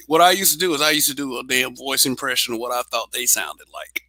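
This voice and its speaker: A man's voice: mid-range voice, fairly even intonation, quick pace, bright, forceful tone, no room sound. A man hosting a casual livestream monologue, blunt and profane, laughing often. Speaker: show host.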